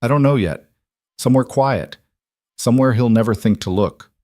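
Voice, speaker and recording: A man's voice: mid-range voice, moderate pace, mellow, no echo, clean studio sound, natural voice. A man voicing a middle-aged mother whose voice is strained but determined.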